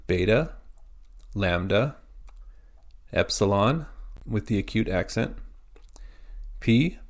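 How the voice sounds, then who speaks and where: A man teaching a pronunciation lesson, spelling out words letter by letter in a slow, methodical way. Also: on the low side, animated.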